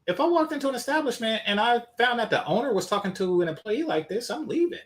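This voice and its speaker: A man's voice: extremely high pitch, lively intonation, fast talker, fairly bright tone. A man hosting a reaction commentary, blunt, profane and scornful as he reads comments. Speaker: commentary channel host.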